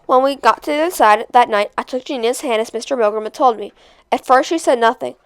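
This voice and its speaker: A woman reading a novel aloud chapter by chapter, in a steady, measured storytelling voice. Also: on the high side, clear, resonant tone, no echo. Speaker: storybook reader.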